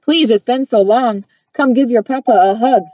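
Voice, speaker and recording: A woman's voice: on the high side, moderate pace, dark tone, highs cut off, a little hiss or hum, lightly acted. A woman voicing a middle-aged father who tenderly coaxes his daughters in an audiobook. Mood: coaxing. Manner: coaxing, tender.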